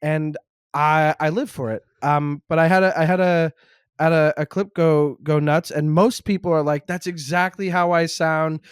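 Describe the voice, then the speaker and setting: A man's voice: on the high side, moderate pace, smooth, no room sound, clean studio sound. A young man from Montreal, a stand-up comedian, chatting casually as a podcast guest and telling jokey stories. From Montreal, Quebec. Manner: animated, jokey storytelling.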